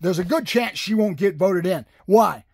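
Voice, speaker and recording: A man in his sixties ranting in fury, swearing heavily and shouting. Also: high voice, normal speed, creaky, husky, no room sound, clean studio sound. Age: 60s. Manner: furious, shouting, heavy swearing. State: enraged. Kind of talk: angry political rant.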